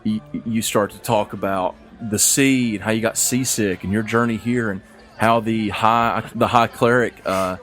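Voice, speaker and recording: Man running a tabletop game, low voice, easygoing, rambling. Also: fairly even intonation, normal speed, fairly bright tone, soft background music. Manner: easygoing, rambling, fond of filler phrases. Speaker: game master.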